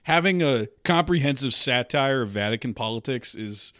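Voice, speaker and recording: A young man co-hosting a podcast, swapping stories in an easygoing way. His voice sits at a middle pitch and is caught close on the mic with a dry sound. He tends to drop into playful mock voices. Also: moderate pace, no room sound. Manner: animated storyteller, breaks into mocking impressions. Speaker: podcast co-host. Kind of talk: casual chat.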